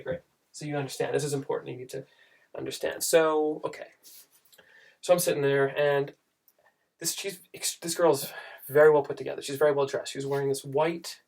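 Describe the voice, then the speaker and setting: A man's voice: a little high, vocal fry. A young man telling a comic story straight to camera in a rambling, self-interrupting way.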